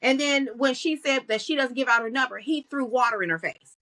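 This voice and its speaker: High bright-voiced woman telling it animatedly. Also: a little fast, rough recording. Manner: animated storytelling, acts out quoted voices. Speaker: guest, content creator. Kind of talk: podcast interview conversation.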